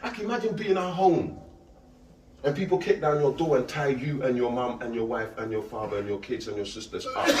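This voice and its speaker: A middle-aged man giving an animated, slangy street talk, repeating himself and firing questions at his listeners. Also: mid-range voice, normal speed, noisy background. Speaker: street preacher. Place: outdoors on a street. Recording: echoey street audio from a distance.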